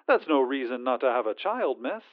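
Man voicing a syrupy corporate phone agent over a tinny phone line, lilting and bright-pitched. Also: sing-song, brisk. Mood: sweetly insistent. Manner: syrupy customer-service politeness. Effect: phone filter.

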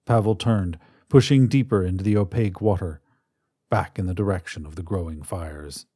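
Low, mellow male storyteller. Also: slightly rough, no room sound, clean studio sound. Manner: measured, dramatic storytelling. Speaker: narrator. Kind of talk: scripted narration.

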